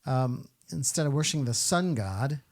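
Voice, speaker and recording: A man's voice: mid-range voice, expressive, normal speed. A man hosting a Catholic podcast, talking casually and asking rhetorical questions with frequent fillers. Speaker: podcast host.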